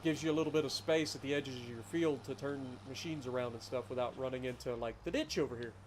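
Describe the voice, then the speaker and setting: Appalachian man, casual streamer, clear deliberate talk, faint hiss behind. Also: medium pitch, rough recording. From Appalachian foothills of Ohio. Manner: chatty storyteller, careful enunciation. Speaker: streamer playing a farming game. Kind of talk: casual live-stream chat.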